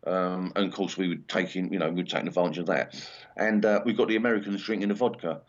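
A man's voice: low voice, steady tone, fast. An English man in his sixties, a punk singer chatting in an interview, rambling with many ums and restarts. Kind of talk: casual interview chat. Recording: slightly dull lo-fi sound.

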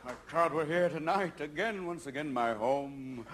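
Manic stand-up guy from california, yelling and doing voices, high swoopy pitch, live hall with clear ambience noise. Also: moderate pace. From Marin County, California, USA. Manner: manic, shouting, jumping between silly voices. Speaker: stand-up comedian. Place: stage in a large theater.

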